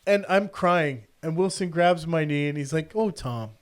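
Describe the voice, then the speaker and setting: Middle-aged man, podcast host, casual storytelling, animated. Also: on the high side, moderate pace. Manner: animated, quotes people in the story.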